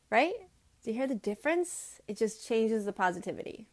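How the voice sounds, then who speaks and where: A woman's voice: a little high, lively intonation, fairly quick. A woman in her thirties talking casually to homeschooling parents on a phone livestream from home, earnest and coaching, slipping into short quoted voices. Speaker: homeschooling vlogger. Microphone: phone camera.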